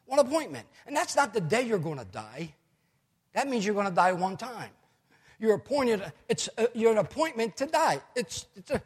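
An older male pastor preaching a sermon, telling anecdotes with animated asides in a husky voice. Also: high-pitched, big-room sound.

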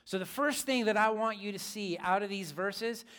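A man's voice: sits high, normal speed, fairly bright tone, smooth. A man preaching a sermon as pastor, in a casual, joking, conversational way.

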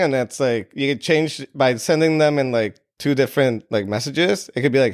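A man's voice: medium pitch, brisk. A man in casual chat with friends, playful and jokey, often chuckling.

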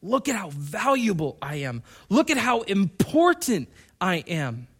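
A man, a preacher, voicing a smug, self-admiring pampered cat in a sermon illustration, speaking quietly and boastfully. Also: high-pitched, big pitch swings, unhurried, husky, full character voice.

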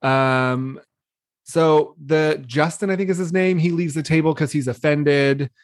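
A man's voice: fairly high pitch, unhurried, no room sound, clean studio sound. A young adult man co-hosting a podcast, casually recapping reality TV with frequent laughs and acted-out quotes. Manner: chatty, laughs often, acts out quoted lines. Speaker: podcast co-host.

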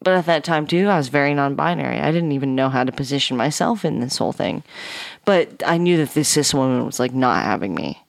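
A woman guest telling a personal story on a podcast, animated and profane, acting out the people in it. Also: a bass voice, a little fast, vocal fry, dry recording, clean studio sound. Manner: animated, swears a lot, acts out dialogue. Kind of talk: casual storytelling.

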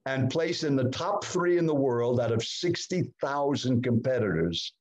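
A man in his seventies, a guest in a podcast interview, telling a personal story with dramatic swings in pitch. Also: expressive, measured pace, a crowd in the background. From United States. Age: 70s. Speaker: guest speaker.

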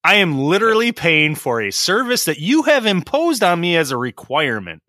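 Blunt ranting man, bright lively voice. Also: fairly high pitch, normal speed, dry recording, clean studio sound. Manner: blunt, ranting, swears freely, acts out quoted exchanges. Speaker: podcast host, licensed tradesman. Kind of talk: casual podcast chat.

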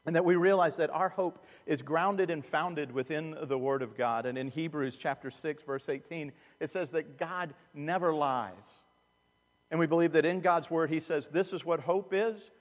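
A man preaching a sermon as a pastor, earnest and emphatic, dropping to hushed asides. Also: fairly high pitch, steady tone, normal speed. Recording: long reverb of a large hall.

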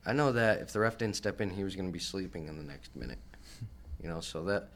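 A young professional fighter, a man, telling stories from his career in a casual podcast interview, animated and swearing, acting out the voices of the people he quotes. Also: sits low, fairly quick, slight background noise. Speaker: professional MMA fighter guest.

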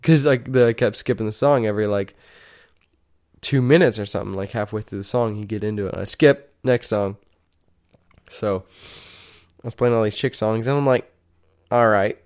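A young man talks through his weekend in a loose, rambling way, swearing freely and breaking into laughs. His voice is smooth and clear, sitting at an ordinary middle pitch, and he jumps up higher whenever he quotes a friend. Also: a little mellow. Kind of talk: casual storytelling.

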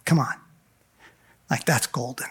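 A middle-aged man giving a heartfelt talk at a men's gathering, earnest and animated, sometimes acting out the voices of people in his stories. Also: measured pace. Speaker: speaker at a men's conference.

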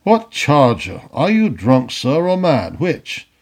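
A man voicing a gruff, impatient cavalry colonel who barks short questions in an audiobook. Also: mid-range voice, sing-song, fairly quick. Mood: curt. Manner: loud, curt, barking questions.

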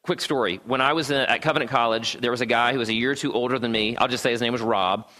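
A man's voice: mid-range voice, fairly even intonation, fast talker, pushed and bright. A man preaching a sermon to a room in a conversational way, often checking in with "right?" and adding wry asides. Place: church gathering room.

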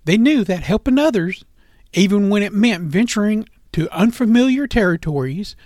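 A man narrates a children's animal story in a gentle, expressive manner. His voice sits high, and the recording is close and dry with no room sound. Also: normal speed, dry recording.

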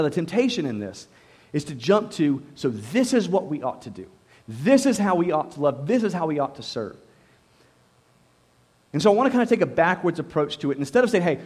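A man preaching a sermon to a live congregation in a conversational way, repeating words and often saying "you know". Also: a little high. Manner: speaks to a live congregation, asks them questions. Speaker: pastor. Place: church service before a congregation.

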